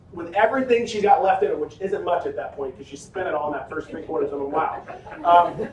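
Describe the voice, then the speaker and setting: A pastor telling a lively personal story in a sermon, acting out his own quotes. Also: high voice, distant mic. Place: church hall. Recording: echoey hall, faint noise.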